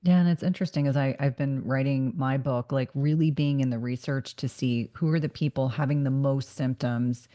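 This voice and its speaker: A woman's voice: extremely low pitch, fairly even intonation, normal speed, few pauses, warm tone. A middle-aged woman hosts a podcast conversation. She is earnest and reflective and sometimes circles back over her own words as she thinks aloud. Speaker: podcast host. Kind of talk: casual interview conversation.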